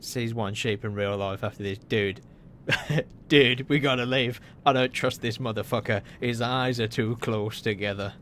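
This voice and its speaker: A man streams a horror game live, his voice sitting at an ordinary middle pitch. He reacts in quick bursts and swears freely, chatting to viewers with faint noise behind him. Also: steady tone, a bit bright. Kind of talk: live gameplay commentary.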